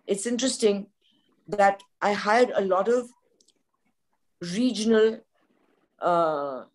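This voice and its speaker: With a mid-range, darkish voice, an older Indian English-accented woman talks candidly on a podcast panel. She's a seasoned news journalist who tells stories in a forthright, opinionated way.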